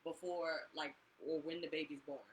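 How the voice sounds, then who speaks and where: A woman's voice: low-pitched, fairly even intonation, normal speed, noisy background. A woman co-hosting a casual live chat, questioning her partner and reading viewer comments aloud.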